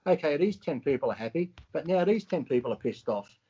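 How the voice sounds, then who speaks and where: A man co-hosting a podcast, talking bluntly with lots of swearing and animated retellings. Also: a little high, a little fast, husky, muffled recording. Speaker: podcast co-host. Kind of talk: casual chat.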